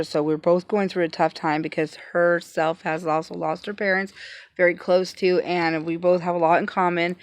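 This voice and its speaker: A woman chats through a casual unboxing vlog, her voice sitting a little low. She sounds touched and grateful, and her talk stops and starts with fillers and repeated words. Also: no room sound. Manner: emotional, gushing and grateful; hesitant, many fillers and restarts. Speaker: vlogger. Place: home, passing cars heard outside.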